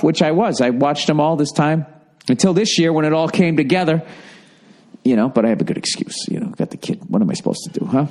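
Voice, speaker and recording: A man's voice: a little high, animated, fairly quick, a little mellow. A man, hosting a podcast in a casual, profane, self-mocking rambling monologue. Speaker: podcast host.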